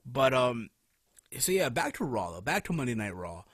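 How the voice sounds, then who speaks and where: A man hosting a casual wrestling podcast, animated and profane, who keeps tossing in "right?" between points. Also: medium pitch, moderate pace, slightly rough, no echo, studio quality. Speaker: podcast host.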